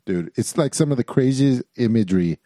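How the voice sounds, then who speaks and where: A man co-hosting a podcast, chatting casually, blunt and quick to swear. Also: mid-range voice, lively intonation, dark tone, dry recording, studio quality. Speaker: podcast co-host. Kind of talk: casual chat.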